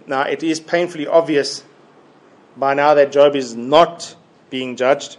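A man preaching a Bible sermon in a deliberate, emphatic way, often repeating his key phrases. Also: a little high, steady tone.

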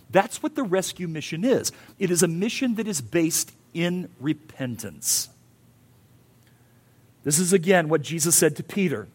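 A man's voice: a little high, expressive, a little slow, darkish tone, husky. A male pastor giving a sermon in an earnest, emphatic way, with rising and falling intensity.

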